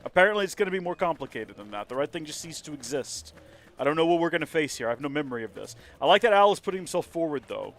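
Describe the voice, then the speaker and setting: A male game streamer who rambles through casual commentary, joking at his own expense. His pitch sits slightly high and bounces around a lot. Faint music plays behind him. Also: sing-song, fast. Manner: rambling, jokey and self-mocking. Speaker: let's play streamer.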